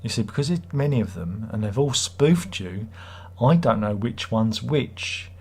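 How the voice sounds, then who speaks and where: This middle-aged British livestreamer takes his time, animated but unhurried, his mid-range voice husky with a darkish tone. His casual chat meanders and is full of wry self-mockery.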